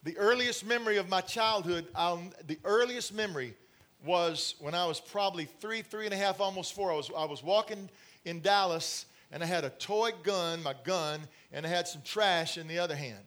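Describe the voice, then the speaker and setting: A middle-aged man preaches to a congregation, his voice sitting high for a man. He moves between stories, laughs and direct asides to the room, keeping the sermon chatty and personal. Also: normal speed, a bit bright. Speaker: pastor. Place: church in front of a congregation.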